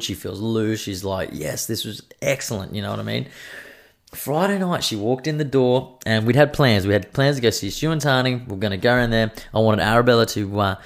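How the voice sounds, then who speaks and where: An Australian man in his thirties talks through a rambling story from his week. He swears freely and talks in an animated way. His voice sits a little low. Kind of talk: casual storytelling monologue.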